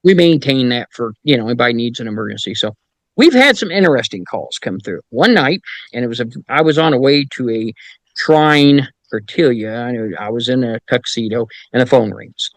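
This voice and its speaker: A man's voice: medium pitch, animated, normal speed, no echo, rough recording. A middle-aged man and paranormal investigator, guesting on a podcast and telling wry anecdotes in a casual way, with some mild swearing. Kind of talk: casual storytelling.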